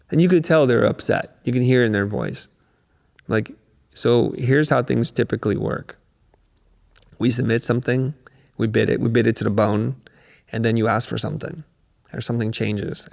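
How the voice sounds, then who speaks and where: Gravelly man in a reverberant hall. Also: mid-range voice. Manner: animated storyteller, acts out quotes. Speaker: guest, creative business coach. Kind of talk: podcast interview storytelling.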